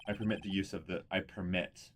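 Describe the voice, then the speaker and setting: A man's voice: sits low, fairly even intonation, fairly quick, background noise, natural voice. A man doing a bumbling old judge. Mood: formal. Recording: voice over loud background music.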